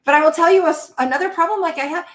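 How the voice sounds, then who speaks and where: A middle-aged woman, a Navy veteran, telling stories in an interview in an animated way and laughing between them. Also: very high voice, very fast. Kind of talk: conversational interview storytelling. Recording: roomy echo.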